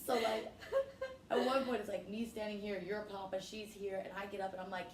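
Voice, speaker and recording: A woman's voice: medium pitch, a little fast. Brash, profane woman telling a family story. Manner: brash, profane, animated storytelling with acted quotes. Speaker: comedian guest. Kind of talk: casual storytelling chat. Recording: echoey room with faint noise.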